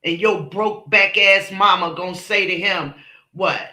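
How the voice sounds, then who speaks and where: A woman's voice: mid-range voice, steady tone, measured pace, sharp tone, reverberant. A woman hosting a livestream, delivering heated, profane and scornful commentary. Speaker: channel host, commentator.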